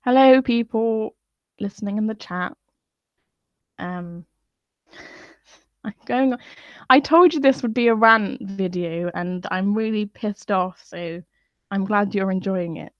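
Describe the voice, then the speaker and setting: A woman's voice: medium pitch, takes it slowly, long pauses, no echo. A woman venting in a profane, scornful live-stream rant. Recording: dull lo-fi dry sound.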